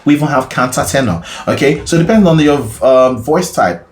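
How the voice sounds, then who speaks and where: A man's voice: medium pitch, lively intonation, brisk, reverberant. A man teaching a singing lesson as a vocal coach, explaining casually and often checking in with the listener. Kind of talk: singing lesson with sung demonstrations.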